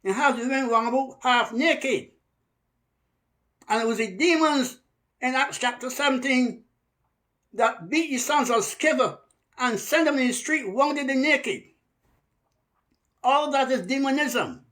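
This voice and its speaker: Man from Barbados, high voice, fiery emphatic preacher who drags out stressed words. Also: fairly bright tone. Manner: emphatic, stretches key words slowly.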